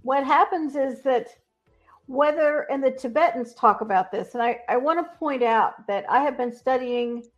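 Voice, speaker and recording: A woman guest describing her work helping ghosts, speaking as a confident, animated storyteller. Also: on the high side. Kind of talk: earnest spiritual storytelling. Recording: dull lo-fi sound.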